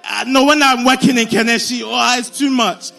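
A man's voice: extremely high pitch, fairly even intonation, brisk, gravelly, pushed and bright, exaggerated voice. A man playing a weary whiny husband. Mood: lamenting. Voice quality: pleading, whiny. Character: weary overworked husband, hard-pressed and self-pitying. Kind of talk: stage drama acting.

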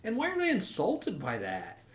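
A man's voice: high voice, wildly swooping pitch, moderate pace. A young man giving gameplay commentary, ranting in exasperation, swearing and restarting his sentences. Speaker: gaming YouTuber. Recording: roomy echo with faint music.

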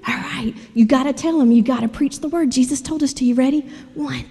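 A woman leading a children's sermon, animated and asking the kids questions. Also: high voice, fairly quick. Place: church sanctuary. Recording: long church hall reverb.

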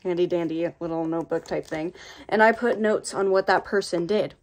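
A woman's voice: fairly low pitch, a little fast, a little hiss or hum. An American woman hosting a casual voice acting tutorial vlog, talking in a chatty, rambling and playfully sassy way into her own microphone.

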